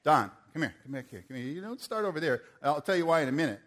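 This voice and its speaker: A man preaching a sermon, swinging from forceful declarations to playful banter with volunteers he calls on stage. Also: a little high, big pitch swings, fast talker. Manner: rises to forceful proclamations, then playful and joking with volunteers. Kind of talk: sermon with live audience demonstration.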